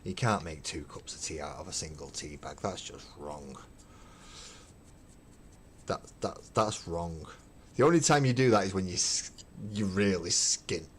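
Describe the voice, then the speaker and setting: A man's voice: low-pitched, lively intonation, a little slow, a little hiss or hum. A middle-aged man chatting casually on a painting livestream, emphatic and opinionated, swearing as he rants. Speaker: hobby livestream host. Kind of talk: casual chat while painting.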